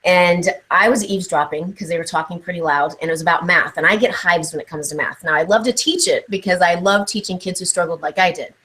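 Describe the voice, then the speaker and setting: A woman's voice: fairly low pitch, fast talker, few pauses, poor audio. A woman from Ohio, a guest on a live online interview, telling stories and acting out what people said. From Ohio, USA. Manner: animated storytelling, acts out quotes. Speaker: guest speaker.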